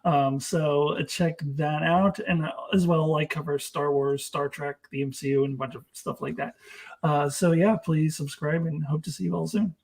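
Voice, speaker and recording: A man chatting casually as a guest, telling stories excitedly and laughing at them, with a husky voice. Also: a little high, normal speed. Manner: excitable storyteller, laughs at his own story. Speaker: channel creator guest. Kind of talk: casual chat.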